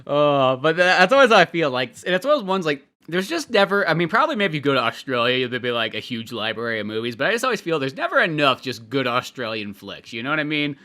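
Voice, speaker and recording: A man's voice: on the high side, big pitch swings, fast talker, hardly any pauses, sharp tone. A man co-hosting a podcast, chatting casually about a movie, swearing freely and laughing often. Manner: profane, laughing, puts on mock voices. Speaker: podcast co-host.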